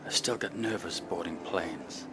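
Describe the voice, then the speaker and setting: A man voicing a nervous, gruff passenger who mumbles and breaks off. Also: a little slow. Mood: flustered. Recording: noisy, vehicle rumble behind.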